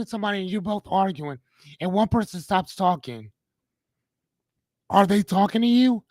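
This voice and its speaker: A middle-aged man with a slightly higher voice hosts a live motivational podcast. He lectures his listeners bluntly, swears casually and keeps asking them to respond. The sound is close and dry, with no room around it. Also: expressive, moderate pace, long pauses, darkish tone, dry recording. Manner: preachy, blunt, addresses audience directly, swears casually. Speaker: podcast host.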